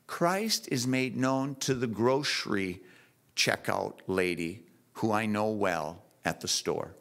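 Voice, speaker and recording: A man preaching a sermon in church, telling stories in a lively, animated way. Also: fairly low pitch, slow pace, gravelly.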